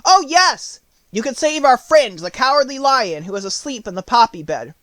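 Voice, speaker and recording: A man's voice: sits high, fairly bright tone, dry recording, voice pushed up. A man voicing a kindly, eager male scarecrow stuffed with straw in an audiobook. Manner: eager, quick. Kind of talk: audiobook character voice.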